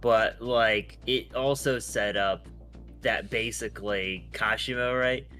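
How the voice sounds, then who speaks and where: Man, low pitch, bright sharp tone, relaxed explainer, podcast. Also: takes it slowly, soft background music. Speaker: podcast co-host. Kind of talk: casual chat.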